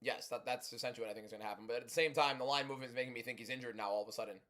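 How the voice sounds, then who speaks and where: A young man hosting a livestream, talking loudly and chatting casually as he reads and answers viewer comments. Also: mid-range voice, racing. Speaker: livestream host.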